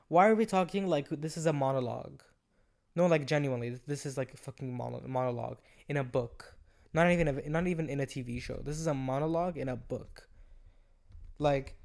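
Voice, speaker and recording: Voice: medium pitch, fairly quick, creaky, darkish tone. A young adult podcast host giving casual commentary while reading out messages, sarcastic, profane and incredulous.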